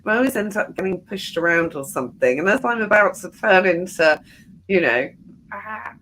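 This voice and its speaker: A woman hosting a podcast interview, chatty and full of animated anecdotes. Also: mid-range voice, moderate pace, slight background noise. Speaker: podcast host. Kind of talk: conversational interview.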